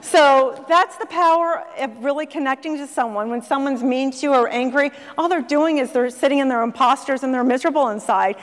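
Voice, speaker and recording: A middle-aged woman speaking at a conference, telling a story to an audience in a lively way and acting out the voices of the people in it. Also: high-pitched, brisk, hardly any pauses. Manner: animated, acts out quoted voices. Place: large conference hall. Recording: long hall reverb.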